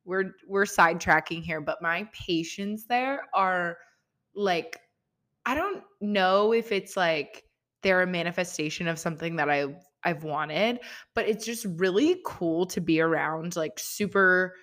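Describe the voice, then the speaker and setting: Chatty young woman podcasting solo, lowish voice. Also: unhurried, a bit bright. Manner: rambling, chatty, full of "like" fillers. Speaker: podcast host. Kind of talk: casual solo podcast chat.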